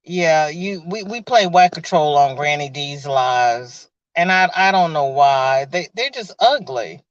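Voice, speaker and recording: Sitting in her car, a woman runs a laid-back live stream, greeting people by name, reading their comments, and laughing along. Her low voice is expressive and a little slow, with no echo, though the audio is dull and lo-fi.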